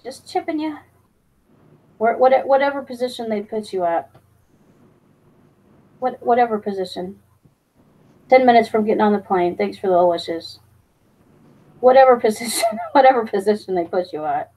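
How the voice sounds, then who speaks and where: A woman's voice: a little high, animated, moderate pace, long pauses, mellow, rough recording. A woman live streamer chatting casually, teasing and reading her chat aloud, with plenty of ums and restarts. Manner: fillers and restarts.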